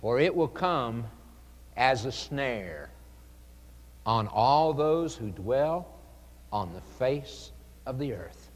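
A man delivers an earnest, pleading sermon at a slow, deliberate pace, his mid-range voice sounding like an ordinary man's. Long reverb from a large church hall trails after each phrase. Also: mid-range voice, lively intonation. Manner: earnest, pleading evangelistic preaching with dramatic pauses. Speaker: preacher.

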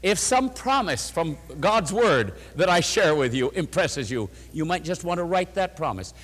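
Earnest preacher in a reverberant hall. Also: male voice, a little high, sing-song, normal speed, a bit bright. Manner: earnest storytelling, retelling a letter with rising emotion. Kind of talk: sermon.

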